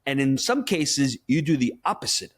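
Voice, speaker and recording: A male money coach speaks with a lively, swinging pitch that rises and falls as he makes his points. He tells stories and coaches the listener in an emphatic, conversational way, sounding like a podcast guest in full flow. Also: normal speed. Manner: animated storyteller, emphatic and coaching. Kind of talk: conversational interview.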